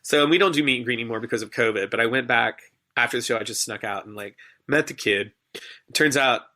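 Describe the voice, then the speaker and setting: A man, a stage performer, telling an animated story in a podcast interview and acting out the people in it. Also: medium pitch, quick pace. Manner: animated, acts out voices in his anecdotes.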